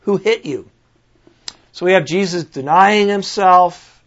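A man preaching a sermon, reading scripture aloud and reflecting earnestly with pauses and restarts. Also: sits high, fairly bright tone. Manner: earnest, pausing, restarts and fillers while reflecting. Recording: dull lo-fi recording.

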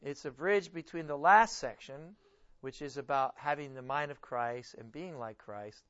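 A man's voice: medium pitch, moderate pace, fairly bright tone, lo-fi sound. A man preaching a conversational sermon, casually explaining scripture and correcting himself as he goes. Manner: informal, self-correcting, reads scripture aloud with emphasis. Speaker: pastor teaching a Bible study.

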